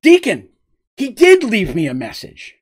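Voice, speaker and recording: A man's voice: gravelly, exaggerated voice. A man squealing as a hyper little Kender girl. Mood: excited. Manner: high, excited squeals, rapid babbling. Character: hyper, scatterbrained young half-Kender girl, very short.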